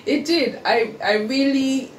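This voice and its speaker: A woman from Australia with a Nigerian accent, talking in a casual conversation with many halting restarts. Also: sits high. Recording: roomy echo, distant mic, faint noise.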